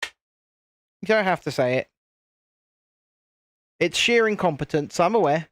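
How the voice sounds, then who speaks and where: A man's voice: a little high, expressive, slow, a bit bright, no echo. British male streamer, chatty and self-mocking, dry sound. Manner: chatty, self-deprecating, talks to viewers. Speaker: live-stream host. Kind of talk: casual live-stream chat.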